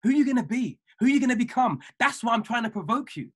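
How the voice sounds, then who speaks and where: A man giving an emphatic, repetitive motivational talk to his trading mentees over a video call, building from calm to fiery. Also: very high voice, fast talker, slightly rough. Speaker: trading mentor.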